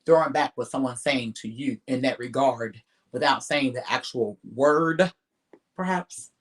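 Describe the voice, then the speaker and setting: A man's voice: medium pitch, unhurried. A man co-hosting a casual live stream, talking bluntly and emphatically with heavy profanity.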